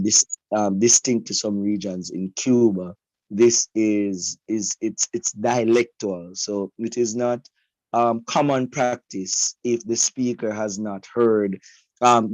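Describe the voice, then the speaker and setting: Low jamaican guy explaining slow and careful, dry sound. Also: darkish tone, dry recording, poor audio. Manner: measured, with hesitant restarts. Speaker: participant in a language session. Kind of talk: explaining in discussion.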